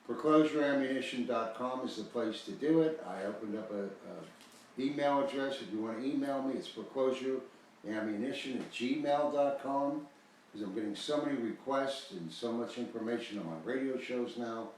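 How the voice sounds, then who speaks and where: A man's voice: mid-range voice, moderate pace, a little mellow, very echoey, recorded from a distance, slight background noise, poor audio. An older American man, retired, giving a rambling, emphatic, folksy talk promoting his foreclosure guide. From United States. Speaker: host selling a foreclosure guide.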